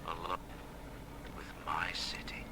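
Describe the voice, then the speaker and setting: An actor playing a cold, self-satisfied male villain who speaks low and hushed, heard from a distance. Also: level tone, slow pace, a little hiss or hum, full character voice. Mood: smug.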